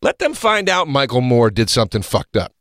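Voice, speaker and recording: A man riffing on a comedy podcast, his pitch swinging up and down as he tells blunt, profane stories. The mic is close and dry, with no room sound at all. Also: fairly quick, dry recording. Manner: blunt, profane, animated storytelling. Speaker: comedian co-host. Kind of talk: casual podcast banter.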